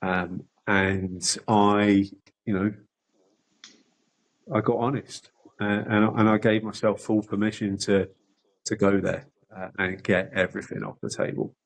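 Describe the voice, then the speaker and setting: A man's voice: fairly low pitch, level tone, unhurried, vocal fry, low-quality recording. A middle-aged man telling his personal story candidly as a podcast guest, swearing often and restarting sentences.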